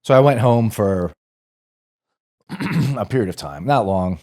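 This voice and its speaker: Deep-voiced man telling war stories casually. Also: slow. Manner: relaxed, rambling, salty storytelling with fillers and swearing. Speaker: podcast guest. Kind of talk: casual storytelling interview.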